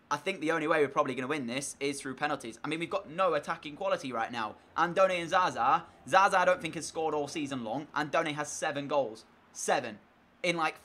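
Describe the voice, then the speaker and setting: Young man, gaming commentary, crisp bright tone, excitable with sudden outbursts. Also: mid-range voice. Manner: excitable, swings between flat play-by-play and loud frustrated outbursts. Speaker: gaming YouTuber. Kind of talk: live gameplay commentary.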